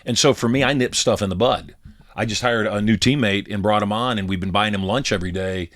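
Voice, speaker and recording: A middle-aged podcast co-host with a lowish, slightly bright voice talks a little fast. In casual conversation he tells personal stories, acting out the dialogue he quotes.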